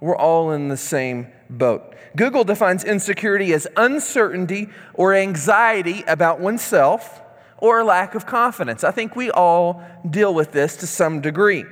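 A man preaching a sermon and telling a story, acting out quoted dialogue in lively voices. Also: sits high, normal speed. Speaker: pastor. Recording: long hall reverb.

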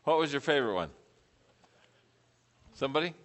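A man's voice: on the high side, lively intonation, normal speed, a bit bright. A middle-aged man teaching a preaching class, putting questions to the group and repeating back their answers.

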